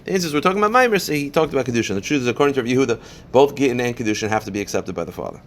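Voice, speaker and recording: A rabbi teaches a daily Talmud class in a voice of ordinary pitch for a man. He reads the Aramaic source quickly and then puts it into plain English. He moves through the argument by posing a question and then answering it. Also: expressive, a bit bright, slight background noise. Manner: explains step by step, poses and answers questions.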